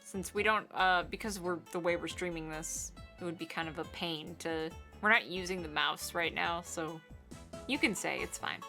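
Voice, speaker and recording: A woman streamer chatting casually and jokingly over gameplay, quick to get excited. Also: fairly low pitch, gravelly, soft background music.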